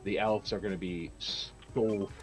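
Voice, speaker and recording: A man's voice: lowish voice, fairly even intonation, slow pace, soft background music. A man chatting casually and rambling, laughing and swearing as he goes. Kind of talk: casual chat.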